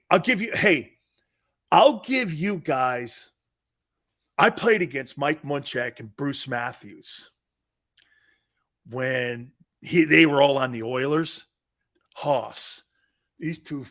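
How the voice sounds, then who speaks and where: A man in his fifties hosting a casual sports live stream, bantering and reading viewer chat aloud. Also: a little high. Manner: animated, bantering, often laughing. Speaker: sports show host.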